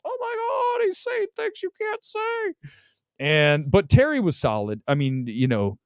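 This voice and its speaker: A man's voice: mid-range voice, no room sound. A man hosting a live film talk stream, speaking casually with strong opinions, rambling and correcting himself as he goes. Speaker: film talk show host.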